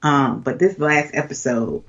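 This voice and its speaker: A young woman co-hosting a podcast, chatty and animated, with lots of fillers. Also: low-pitched, measured pace, highs cut off. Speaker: podcast co-host. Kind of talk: casual chat.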